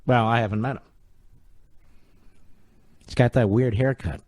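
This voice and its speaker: A man's voice: mid-range voice, huge pitch swings, moderate pace, long pauses, a bit bright, no echo. Sarcastic combative male talk radio host. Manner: sarcastic, combative, with rhetorical questions. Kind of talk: opinion talk radio monologue.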